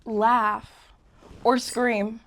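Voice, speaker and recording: A woman talking as a guest in a casual interview, laughing often and speaking in a lively way. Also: fairly high pitch. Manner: giggly, lively, quick laughs. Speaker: guest artist.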